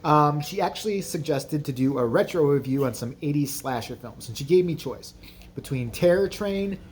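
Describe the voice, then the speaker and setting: A man's voice: fairly high pitch, darkish tone, a little hiss or hum. A man hosting a casual movie review vlog, crude, rambling and jokey, acting out scenes in voices. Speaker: channel host, movie reviewer.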